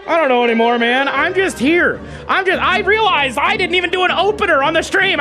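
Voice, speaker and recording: A streamer chatting live with viewers, hyper and shouty, swearing a lot and bursting into yells. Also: sits high, animated, fairly quick, hardly any pauses, soft background music.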